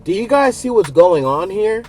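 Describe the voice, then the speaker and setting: A man's voice: sits high, very animated, normal speed, darkish tone, soft background music. Emphatic man hosting a commentary channel. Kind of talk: casual commentary to camera.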